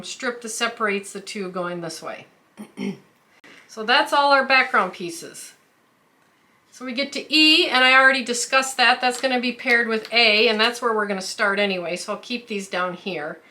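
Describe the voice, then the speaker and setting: A woman who hosts a quilting channel walks through a craft tutorial, explaining each step with care and the odd filler word. Her voice is a little high, bright, and forceful.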